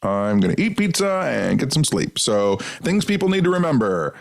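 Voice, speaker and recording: A man's voice: medium pitch, very animated, normal speed, vocal fry. A man co-hosting a podcast in casual chat, dry and teasing. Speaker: podcast co-host.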